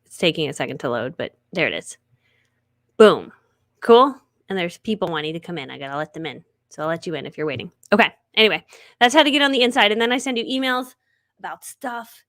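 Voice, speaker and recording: A woman's voice: fairly low pitch, expressive, quick pace, a bit bright. A middle-aged woman hosting a live stream, telling stories in a chatty way, laughing often and acting out what people said. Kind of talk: casual chatty storytelling.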